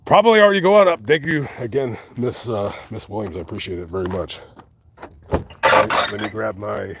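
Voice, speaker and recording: A man live-streaming outdoors in a cemetery, talking casually and reading viewer comments, with many halting restarts and fillers. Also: lowish voice, noisy background. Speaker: vlogger reading live chat.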